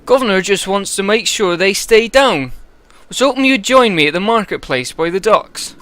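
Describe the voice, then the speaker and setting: Brief: man doing a blunt, raised-voice West Country steward, gruff and bossy. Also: high-pitched, expressive, moderate pace, a bit bright, no echo, pitched above the performer's own voice. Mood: stern. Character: brusque male steward, loud and stern.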